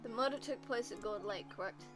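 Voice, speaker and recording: A woman's voice: fairly high pitch, a little fast, music in the background, close to an everyday voice. A woman voicing a cool, arrogant young male prosecutor in a posh British accent, curt and condescending. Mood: guarded.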